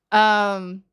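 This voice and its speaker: A woman's voice: medium pitch, a bit bright, clean tone. Giggly young woman streamer chatting. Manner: giggly, chatty, laughs often. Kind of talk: casual storytelling to chat.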